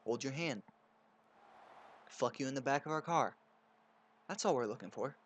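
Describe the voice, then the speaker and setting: While gaming, a young man who hosts the channel tells crude, profane stories in an offhand rant. He speaks expressively at normal speed in a mid-range, fairly bright voice, and there's slight background noise.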